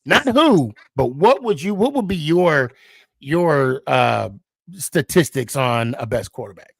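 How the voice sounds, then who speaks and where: A man with a high, lively voice chats about sports as a podcast host. He rambles, laughs easily and swings his tone all over. The sound is close and dry. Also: takes it slowly, gravelly, slightly rough, dry recording. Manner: animated, rambling, laughs often. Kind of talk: casual sports chat.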